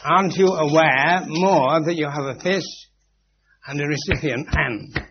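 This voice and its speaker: A man's voice: a little high, unhurried. A man giving an informal philosophical lecture to a live group. He speaks in an emphatic, instructive way, with dry witty asides and repeated key phrases. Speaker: spiritual teacher lecturing a group. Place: meeting room with a live audience. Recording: muffled 1980s lecture tape with faint hum.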